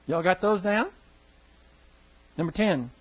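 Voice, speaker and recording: A man's voice: high voice, expressive, takes it slowly. A man preaching a sermon to his congregation, conversational and full of questions to the room. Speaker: pastor. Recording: dull lo-fi church recording.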